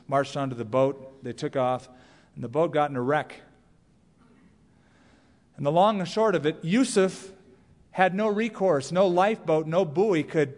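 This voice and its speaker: A man preaching a sermon as a pastor, emphatic and rising to high cries on key words. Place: church sanctuary. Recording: long reverb of a large hall.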